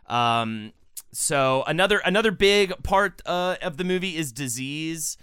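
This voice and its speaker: Male co-host, bright tense voice, dry close sound, eager and jokey. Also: a little high, expressive, unhurried, clean tone, no room sound. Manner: enthusiastic, jokey, reads out quotes. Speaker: podcast co-host. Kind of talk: casual film discussion.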